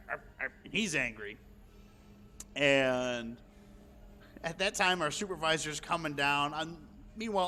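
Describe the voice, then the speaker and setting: Bright-voiced man telling a story. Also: a little high. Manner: chatty, swears freely, acts out quoted lines. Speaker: live streamer. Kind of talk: casual storytelling. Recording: long reverb, faint background noise.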